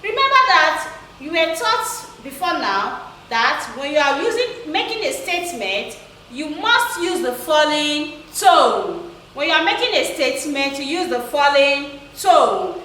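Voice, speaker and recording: A woman teacher giving a slow, repetitive recorded English lesson. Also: sits high, big pitch swings, sharp tone, slight background noise. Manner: slow, repetitive, instructional, repeats key phrases. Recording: echoey room, voice from far off.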